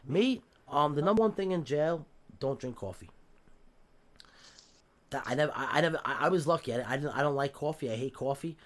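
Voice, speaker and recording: Man, new york accent, streetwise storyteller, swears a lot, slightly higher voice. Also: lively intonation, fairly quick, long pauses. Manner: streetwise, swears often, acts out quoted voices. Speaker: podcast guest. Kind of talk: casual storytelling.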